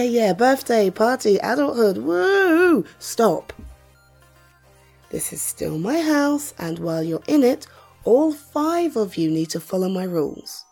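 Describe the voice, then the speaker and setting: A woman's voice: medium pitch, sing-song, creaky, a little mellow, husky, faint music behind, heavily acted. A woman, acting a confident, wealthy mother who teases and flirts in a listener-directed audio role-play. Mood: playful, bossy. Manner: teasing, self-assured, slow and playful.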